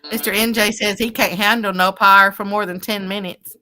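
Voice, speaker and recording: A woman's voice: mid-range voice, fairly even intonation, a little fast, sharp tone, a little hiss or hum. A woman co-hosting a live stream, chatting casually and greeting viewers by name as she reads their comments. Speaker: live stream co-host reading chat. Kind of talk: casual chat.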